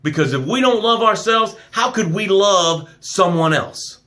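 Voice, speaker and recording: A man with a higher-than-usual voice gives an emphatic, affectionate pep talk on a live stream. He reads out viewer comments and swings between loud bursts and quiet asides. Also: expressive, measured pace. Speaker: business coach.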